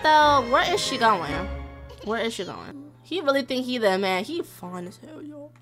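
Young woman streamer chatting over her game, high-ish voice, squeals a lot, talks to the chat. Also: very animated, moderate pace, music in the background. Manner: chatty, dramatic, squeals and laughs, talks to the viewers. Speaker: gaming streamer. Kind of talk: casual Let's Play commentary.

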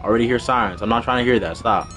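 Excitable young man hosting a game stream. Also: medium pitch, slight background noise. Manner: excitable, repeats short commands, quick laughs. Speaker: livestream host running a car meet. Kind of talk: casual live game commentary.

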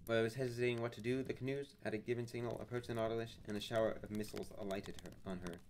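A man reading a classic adventure novel aloud in an expressive, theatrical way, now and then stumbling over words. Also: medium pitch, very fast, a little hiss or hum. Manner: expressive, theatrical, with occasional slips. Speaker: reader. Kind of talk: dramatic book reading.

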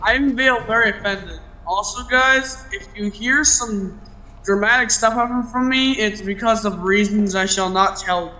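A man's voice: high-pitched, a little slow, pushed and bright, low-quality recording. A young man chatting jokily while playing a video game with a friend. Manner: jokey, silly, plays with accents. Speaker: gaming YouTuber. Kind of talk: casual gameplay chat.

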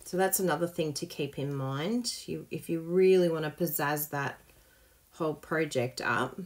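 A woman's voice: low-pitched, normal speed. A woman hosting a live papercraft tutorial, chatty and self-mocking, laughing often and gushing over her work as she demonstrates.

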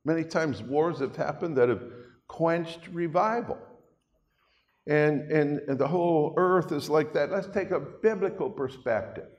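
A man's voice: fairly high pitch, unhurried, darkish tone, dull audio. An older man preaching a sermon to a congregation in a chatty, folksy way, with asides to the listeners. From Canada. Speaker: pastor. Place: church hall. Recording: long reverb of a hall.

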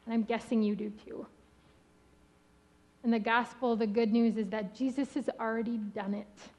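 A woman pastor giving a sermon with a gentle, rhythmic delivery. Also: fairly high pitch, fairly even intonation, moderate pace. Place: church sanctuary.

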